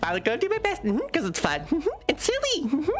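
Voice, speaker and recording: A woman streamer with a high-pitched voice, chatting casually and reading a game aloud, giggling often between lines. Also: wildly swooping pitch, normal speed, loud music behind the voice.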